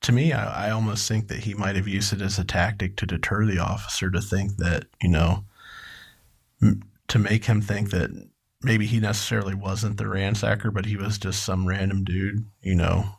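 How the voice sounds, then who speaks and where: A man co-hosting a true-crime podcast, talking casually with hesitant, halting restarts. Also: lowish voice, fairly even intonation, creaky, breathy edge. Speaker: podcast co-host.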